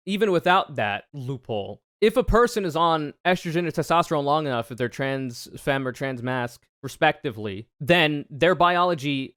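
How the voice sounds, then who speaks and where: Brief: male streamer, mid-pitched voice, dry close sound, sarcastic and swearing freely. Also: no room sound. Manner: profane, sarcastic, animated ranting. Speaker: streamer reacting to debate clips. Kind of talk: casual reaction commentary.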